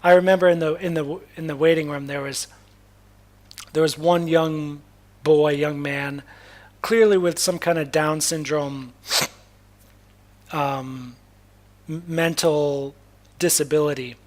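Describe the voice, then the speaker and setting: Young man from Massachusetts, slightly high voice, candid and rambling, casual personal storytelling with frequent restarts and swearing. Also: fairly even intonation, slow pace, pauses often. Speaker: spiritual vlogger.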